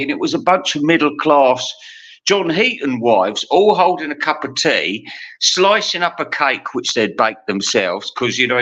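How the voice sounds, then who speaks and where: Bright-voiced ranting man. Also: mid-range voice. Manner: profane, ranting, laughs at own jokes. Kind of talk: rambling monologue. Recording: dull lo-fi recording.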